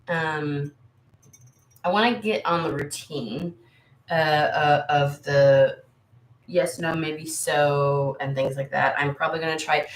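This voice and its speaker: Speaking in a low voice with roomy acoustics, an American tarot channel host rambles candidly with her livestream viewers. She's casual and swears freely throughout.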